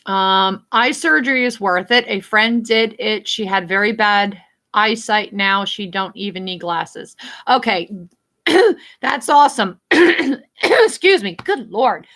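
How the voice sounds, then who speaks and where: Jersey-accented woman hosting a live stream, chatty and blunt, cusses easily, sharp bright tone. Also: mid-range voice, slow pace. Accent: New Jersey. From New Jersey. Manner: rambling, blunt, swears freely. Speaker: livestream host. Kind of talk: casual live-stream chat reading viewer comments.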